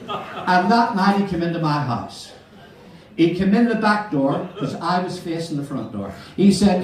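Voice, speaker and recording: An older man rattles off cheery one-liners to a live crowd. His voice rises and falls all over, bright and a touch high. The sound is heavily echoey and caught from some distance, like a hall recording. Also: expressive, measured pace. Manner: cheery storyteller, addresses the audience as ladies and gentlemen. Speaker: stand-up comedian. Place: hotel function room with a live audience.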